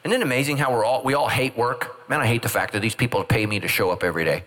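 A man's voice: medium pitch, fast talker, fairly bright tone. A middle-aged man preaching a humorous sermon as pastor, joking and acting out quoted voices. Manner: jokey, acts out quoted voices.

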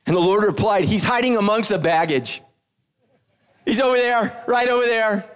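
Man, middle-aged pastor, high voice, lively sermon, acts out quotes. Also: normal speed, smooth.

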